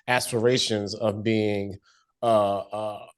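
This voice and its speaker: A man co-hosting a podcast in casual chat, talking haltingly with many repeats and laughs. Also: on the low side, little pitch movement, smooth. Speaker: podcast co-host. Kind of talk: casual chat recapping a TV episode.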